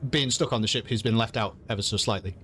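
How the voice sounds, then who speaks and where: A man's voice: on the low side, fast talker, sharp tone, a little hiss or hum. A man running an online tabletop game as game master, explaining rules patiently with frequent ums and restarts.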